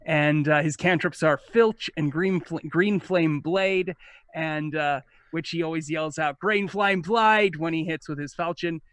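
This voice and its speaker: A man's voice: fairly high pitch, steady tone, a little slow, clean tone, no echo. A man who is a player in a tabletop game, eagerly rambling through a description of his character over a video call. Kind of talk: casual chat about a game character. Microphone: headphones on a video call.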